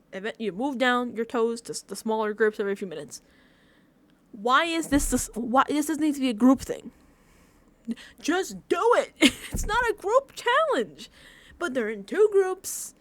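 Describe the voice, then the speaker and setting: A young woman recapping a reality show in a casual, animated rant, using a lot of filler and often laughing at her own exasperation. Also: fairly high pitch, no room sound. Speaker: vlogger reacting to a reality show.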